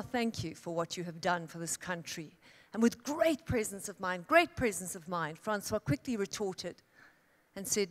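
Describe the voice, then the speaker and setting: A woman born in Italy giving a keynote speech as a dramatic storyteller, building her tale with emphatic pauses and swells. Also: mid-range voice. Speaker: keynote speaker. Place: large conference hall. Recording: long hall reverb.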